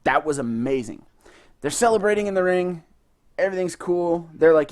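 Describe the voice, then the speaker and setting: A young man co-hosting a podcast, telling stories in a casual, excited and profane way. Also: fairly high pitch, moderate pace. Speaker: podcast co-host. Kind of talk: casual chat.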